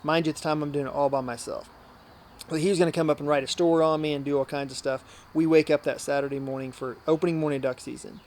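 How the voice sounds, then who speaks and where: A man's voice: a little high, steady tone, quick pace, darkish tone, a little hiss or hum. A man who works as a hunting outfitter and guide, telling stories in a casual podcast interview. He talks earnestly and at length, often acting out what people said to him. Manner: earnest, talkative, often acts out quoted dialogue.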